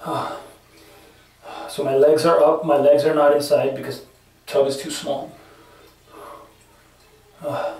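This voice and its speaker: A man's voice: a little high, level tone, takes it slowly, long pauses, darkish tone. A man vlogging from an ice bath in his bathroom, shivering and breathing heavily, rambling and swearing as he talks himself through the cold. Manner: rambling, profane, self-talk between gasps. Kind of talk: casual vlog narration. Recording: echoey bathroom, mic at a distance.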